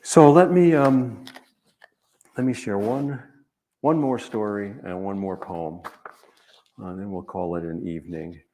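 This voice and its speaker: A man, an author, speaking to an audience in a measured, earnest way, telling stories and repeating key phrases. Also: lowish voice, mellow, a little hiss or hum. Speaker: author giving a reading and talk. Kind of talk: reflective storytelling talk to an audience.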